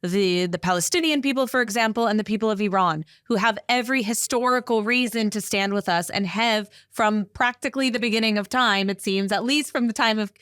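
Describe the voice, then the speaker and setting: A woman's voice: medium pitch, fairly quick, hardly any pauses, a bit bright, smooth, no room sound, studio quality. Thoughtful woman interview co-host.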